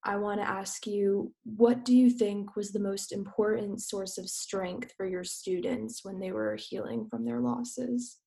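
A woman's voice: mid-range voice, lively intonation, a little slow, gravelly, few pauses, dark tone. A woman interviewer who asks earnest questions and speaks openly about her own grief.

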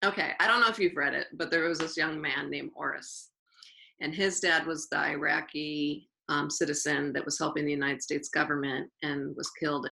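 Her voice is deep with vocal fry, moving at a moderate pace through a rough-sounding recording. A teacher being interviewed, she tells stories with energy, voicing the quoted dialogue and repeating her own phrases.

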